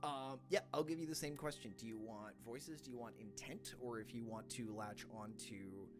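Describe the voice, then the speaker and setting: A man's voice: mid-range voice, normal speed. A man narrating as game master in a casual, playful way, with many fillers. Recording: background music.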